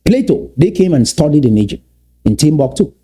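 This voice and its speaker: Husky, mellow man lecturing emphatically. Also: a little high, big pitch swings, fairly quick. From Cameroon. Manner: emphatic, repeats key phrases, stretches words for stress. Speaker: commentator. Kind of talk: lecture-style commentary.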